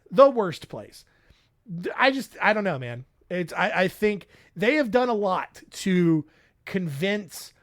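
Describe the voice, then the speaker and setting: A man's voice: high voice, fairly bright tone. A man hosting a podcast, rambling through a casual solo recap in a sarcastic, self-mocking way. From United States. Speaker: podcast host.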